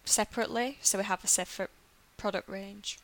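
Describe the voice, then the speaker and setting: A woman's voice: medium pitch, fairly even intonation, brisk, dry recording. A woman with a Yorkshire accent, a business development manager explaining her work plainly as a podcast guest. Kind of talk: podcast interview answers.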